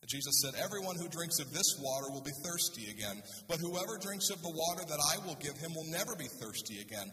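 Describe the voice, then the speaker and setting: A man's voice: fairly high pitch, lively intonation, fairly quick, few pauses, pushed and bright. A male pastor preaching a sermon in a conversational way, reading scripture and asking the congregation rhetorical questions, in a church sanctuary. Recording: echoey hall, speaker far from mic.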